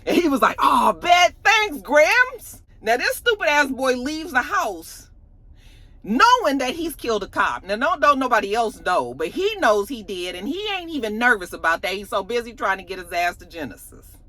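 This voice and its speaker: A woman is recapping a TV episode in a loose, profane, chatty way. Her voice leaps up and down in pitch as she acts out the characters. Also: moderate pace, no echo. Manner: animated, profane, acts out scenes. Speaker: TV recap reviewer. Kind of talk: casual show recap.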